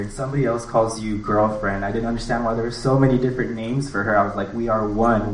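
Man, live storyteller, low-ish voice, earnest, halting restarts, distant mic, echoey room, faint background hum. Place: live event space with an audience.

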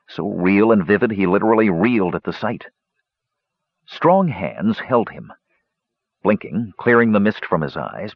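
Low, husky male storybook narrator with lively delivery, dry lo-fi sound. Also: no echo. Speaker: audiobook narrator. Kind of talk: scripted narration.

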